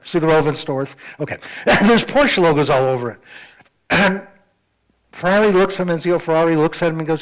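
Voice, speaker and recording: Man, guest speaker, meeting hall, chatty joke-teller, slightly high voice, dull lo-fi sound. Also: fairly quick. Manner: joke-telling, chatty, self-interrupting. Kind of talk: community meeting presentation. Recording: dull lo-fi audio.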